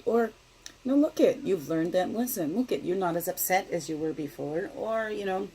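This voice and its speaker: A middle-aged woman giving a casual daily spiritual card reading, talking in a gentle, meandering way and often asking "right?". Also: on the low side, fairly quick, a little hiss or hum, poor audio.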